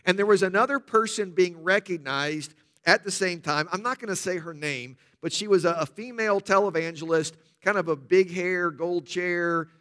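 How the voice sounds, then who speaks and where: High, bright-voiced middle-aged pastor preaching. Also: male voice. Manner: conversational storytelling with humor. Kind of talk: sermon.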